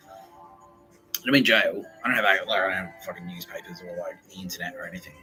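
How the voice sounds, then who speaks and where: A man in casual podcast chat, rambling and earnest, with many fillers, often dropping to a hushed mutter. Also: low-pitched, brisk, faint music behind, low-quality recording. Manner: rambling, meandering, heavy on fillers.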